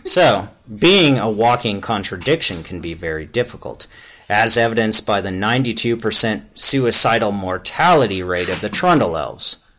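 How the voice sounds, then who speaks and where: A man reading a crude comic fantasy story aloud in a deadpan, mock-epic way. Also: on the low side, normal speed. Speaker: story reader.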